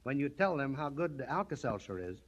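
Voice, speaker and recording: A middle-aged man hosting a 1930s radio variety show, jaunty and jokey with quick asides. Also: medium pitch, sing-song, husky. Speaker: radio show host and singer. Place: radio studio. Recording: dull 1930s transcription disc with orchestra.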